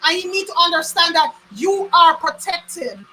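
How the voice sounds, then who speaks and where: A woman's voice: very high-pitched, normal speed, bright, forceful tone, a little hiss or hum. A woman from Jamaica, giving a live psychic card reading and musing aloud, often repeating names and phrases. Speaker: tarot card reader.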